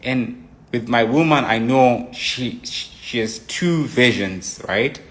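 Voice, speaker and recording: A young man casually telling a personal relationship story, rambling with many restarts and frequent asides. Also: on the low side. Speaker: guest telling his side of a breakup.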